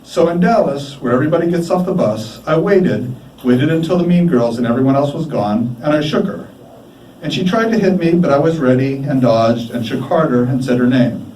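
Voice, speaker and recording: A man giving a live reading of his prose, measured and deliberate, with dramatic pauses. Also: a little high, expressive, warm tone, a little hiss or hum. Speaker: writer reading his work. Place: bar, live event. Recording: echoey bar from a distant mic. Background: faint room ambience.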